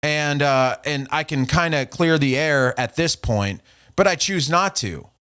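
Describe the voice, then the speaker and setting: A man's voice: a little high, a little slow, a bit bright, clean tone. A man hosting a podcast, casually recounting an online argument in a profane, trolling way and reading messages aloud. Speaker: podcast host. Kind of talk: casual storytelling.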